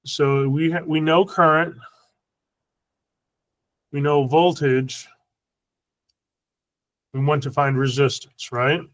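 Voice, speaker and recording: Slow, patient male teacher. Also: on the high side, steady tone, low-quality recording. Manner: patient, checks for understanding. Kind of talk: online class instruction.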